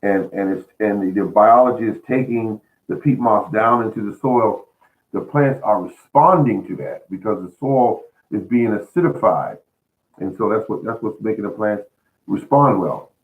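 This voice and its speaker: A man with a fairly low voice talks through gardening advice in a folksy, earnest manner. He repeats words and restarts his sentences as he goes. The sound is thin and tinny, like a phone line. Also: moderate pace. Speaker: host of a home gardening show. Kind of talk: casual spoken gardening advice.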